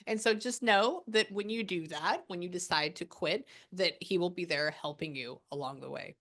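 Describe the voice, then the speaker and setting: A woman with a fairly low voice gives a spirit reading in a loose, chatty way. She rambles, quotes the spirits back, and piles on fillers as she goes. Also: normal speed, a bit bright. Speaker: psychic medium. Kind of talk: casual spirit reading session.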